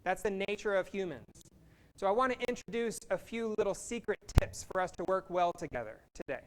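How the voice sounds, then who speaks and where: A workshop facilitator from Kansas, leading a live group icebreaker in an energetic, playful way and speaking slowly for the room. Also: mid-range voice, slight background noise.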